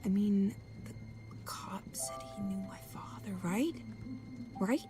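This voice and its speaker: An actress voicing a frightened young wife in a video game, speaking in a breathy, anxious half-whisper. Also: female voice, medium pitch, slow, close to an everyday voice. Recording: game audio with music behind.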